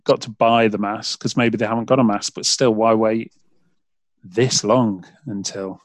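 Hesitant British man, low voice. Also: fairly even intonation, measured pace, dry recording. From United Kingdom. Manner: rambling, hesitant, many fillers and restarts. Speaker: podcast host. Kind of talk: casual chat.

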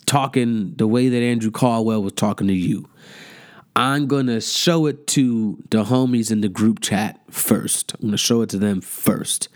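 A young man ranting in a mocking, profane comedic monologue, jumping into high incredulous outbursts. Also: a little mellow. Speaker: comedic commentator.

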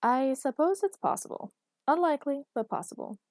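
A woman's voice: sits high, expressive, moderate pace, a little mellow, no room sound, studio quality, pitched above the performer's own voice. A woman voicing a quirky, cheerful young woman inventor who talks in a bubbly, earnest way.

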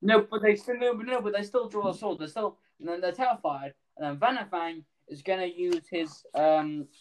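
A man's voice: sits high, fairly quick, rough recording. A man narrating as game master of a tabletop game, rambling and often correcting himself mid-sentence.

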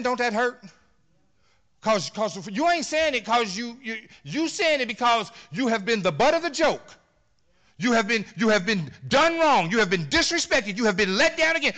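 A pastor with a high-pitched, sharp voice preaches in a church sanctuary. He's emphatic yet conversational, often repeating words as he builds toward a point.

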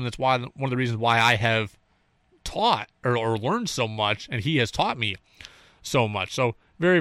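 A man's voice: mid-range voice, no room sound. A man hosting a sports talk show, recapping plays and ranting like a fan. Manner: animated, fan-style ranting with play-by-play recaps. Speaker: sports radio host.

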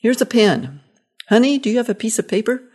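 A woman's voice: fairly high pitch, big pitch swings, fairly quick, darkish tone, voice pushed up. A woman reading the lines of a cranky, confused elderly father-in-law in a short story, indignant and fussy.

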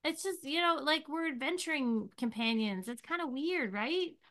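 A woman voicing a nervous young adventurer in a tabletop game, speaking in a hushed, hesitant way. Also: high-pitched, expressive, moderate pace. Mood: unsure.

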